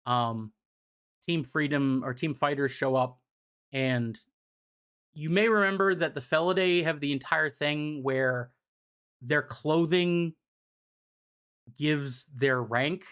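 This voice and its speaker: A man's voice: fairly high pitch, slow, long pauses, fairly bright tone, clean tone. Male streamer, casual rambling recap delivery, fillers throughout. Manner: rambling, frequent ums and restarts. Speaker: streamer summarizing comics. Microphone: desk mic on a live stream.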